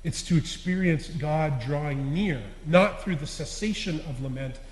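A fairly high-voiced man preaches in an earnest, confessional way, leaning hard on key words and letting sentence ends fall quiet. His voice rings through a church hall with a long, echoing reverb. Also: measured pace. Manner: earnest, confessional, swinging between loud stresses and quiet endings. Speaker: lay preacher. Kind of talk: sermon.

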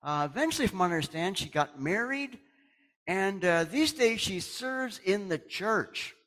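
A man's voice: high-pitched, lively intonation, normal speed, a bit bright. A middle-aged man from Canada, a pastor talking to his congregation in a chatty, folksy way, chuckling often. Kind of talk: casual sermon announcements and storytelling.

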